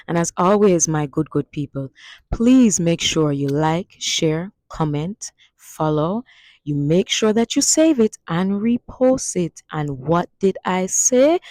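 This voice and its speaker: A woman with a Jamaican accent giving a playful vlog language lesson, drawing words out slowly like a teacher. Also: low-pitched, dry recording. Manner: slow, drawn-out teacherly delivery with lively phrases.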